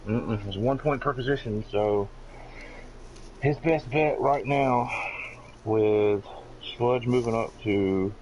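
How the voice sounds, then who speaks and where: A man's voice: medium pitch, takes it slowly, long pauses, a little mellow. A man co-commentating an online racing league, correcting details on rules and points standings. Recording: dull lo-fi mic with faint hiss.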